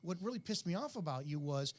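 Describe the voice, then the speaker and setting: A man's voice: a little high, expressive, quick pace. A middle-aged man hosting an interview, talking bluntly in long rambling turns. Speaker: host. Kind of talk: interview, casual chat.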